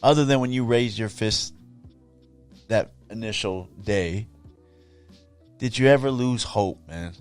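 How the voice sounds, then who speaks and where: A man hosting a podcast, asking his guest relaxed, affirming questions. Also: lowish voice, measured pace, pauses often, smooth, soft background music. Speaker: podcast host. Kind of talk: interview questions.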